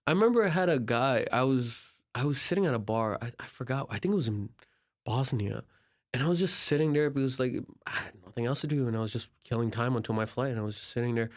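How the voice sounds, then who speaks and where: Speaking fast with a medium-pitched voice, a young man from Turkey appears as a podcast guest. He casually narrates travel stories, animatedly acting out conversations and using lots of filler.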